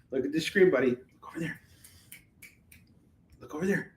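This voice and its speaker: A fairly high-pitched man talks at normal speed but leaves long pauses, with a little hiss or hum in the audio. He's casually hosting a comic-book sale live stream from a room at home, joking, rambling and using lots of fillers, in an echoey room.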